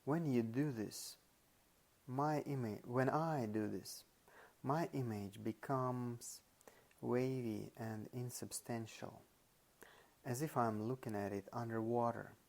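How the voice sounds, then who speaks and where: Slow, gravelly-voiced man reading nonfiction. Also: medium pitch, steady tone, a little mellow. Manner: slow, deliberate reading with stressed example words. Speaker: audiobook reader. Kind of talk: nonfiction audiobook narration.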